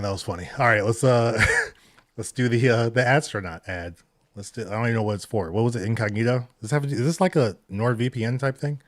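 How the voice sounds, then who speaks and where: A man's voice: mid-range voice, dry recording, clean studio sound. A man giving rambling casual livestream commentary, laughing often and tripping over his words. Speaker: reaction streamer.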